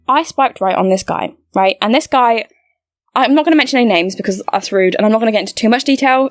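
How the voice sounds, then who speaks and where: A woman's voice: on the high side, fast talker, no echo, faint music behind. A young woman telling a rambling personal story in a casual vlog, with many fillers and restarts. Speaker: vlogger.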